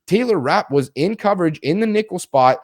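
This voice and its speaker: A man's voice: high voice, expressive, fairly quick, dry recording, clean studio sound. A man hosting a sports podcast, giving an emphatic, frustrated breakdown of a game backed by stats. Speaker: podcast host. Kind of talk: sports analysis podcast chat.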